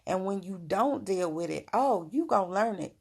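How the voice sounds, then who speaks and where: A woman's voice: medium pitch, animated, moderate pace, gravelly, darkish tone, slightly rough. A middle-aged woman giving frank, motherly spiritual advice in a casual livestream talk, laughing often.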